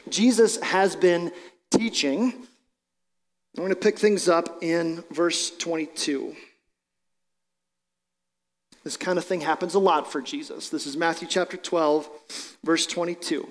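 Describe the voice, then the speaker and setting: A man's voice: a little high, steady tone, measured pace, long pauses, in a large hall. A man preaching a sermon as a pastor, explaining scripture in a conversational way with casual asides.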